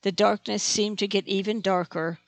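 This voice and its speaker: A narrator reading a fantasy audiobook in a steady, plain storytelling manner. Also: medium pitch, moderate pace, creaky, no room sound.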